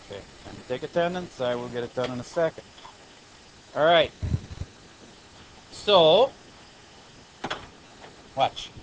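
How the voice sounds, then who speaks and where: A man teaching high school math in a classroom lecture, explaining steps plainly and breaking off into joking asides. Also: a little hiss or hum, poor audio.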